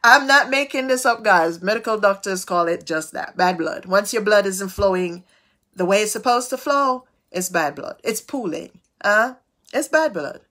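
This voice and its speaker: A woman preaching a devotional sermon, tossing out call-and-response asides with sudden swings of pitch and loudness. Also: lively intonation. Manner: slow, drawn-out delivery.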